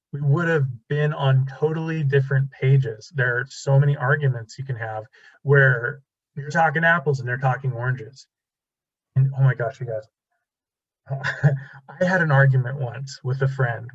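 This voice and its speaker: Man in his thirties, relationship speaker, husky voice, slightly muffled dry recording. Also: mid-range voice, dry recording. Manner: animated, self-deprecating, acts out quoted dialogue. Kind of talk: casual talk to an audience.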